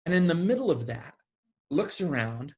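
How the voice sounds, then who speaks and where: A man preaching a sermon in a conversational, animated way, often restarting his phrases. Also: a little high, normal speed, husky, lo-fi sound.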